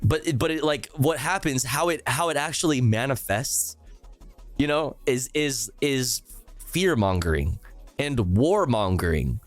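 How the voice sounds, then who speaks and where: A man's voice: medium pitch, lively intonation, unhurried, no echo, soft background music. A male streamer ranting sarcastically and with heavy profanity while reacting live to a news clip.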